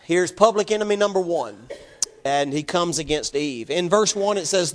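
A man's voice: fairly high pitch, animated, moderate pace. A man preaching a sermon to his congregation, putting emphatic rhetorical questions to them. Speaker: pastor.

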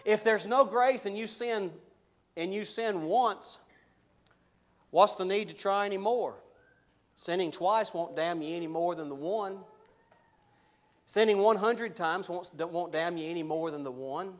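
Man preaching a lively sermon. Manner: animated, rising loud when voicing objections, dropping low and slow for solemn points.

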